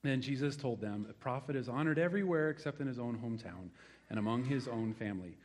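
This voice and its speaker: A middle-aged pastor delivers a sermon in an animated, conversational style, acting out the voices of characters in his stories. He speaks at a medium pitch and a quick pace.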